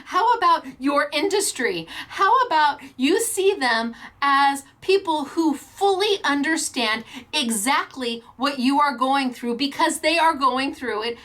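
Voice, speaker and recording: A woman's voice: a little high, expressive, measured pace, pushed and bright, exaggerated voice. A woman voicing her sociable father, an older man who rambles and stammers through questions. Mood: earnest.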